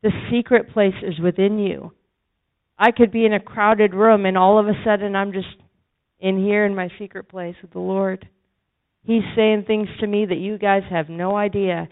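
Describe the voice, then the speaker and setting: A woman's voice: mid-range voice, steady tone, normal speed. A woman preaches with impassioned, pleading fervor. Her voice comes through thin and boxy, like a phone line. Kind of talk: sermon. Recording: phone-like narrow sound.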